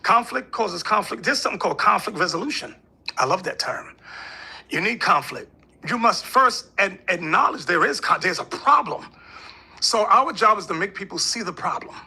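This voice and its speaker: A man's voice: high voice, sing-song, normal speed, vocal fry, bright, forceful tone, slightly rough. A man speaking as a religious leader in an interview, emphatic and preachy, often acting out quoted voices. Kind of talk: interview talk.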